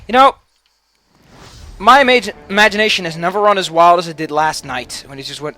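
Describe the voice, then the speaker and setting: Excitable high-voiced gaming commentator, a man. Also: fairly quick. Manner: rambling, anxious, heavy swearing. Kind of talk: casual let's play commentary.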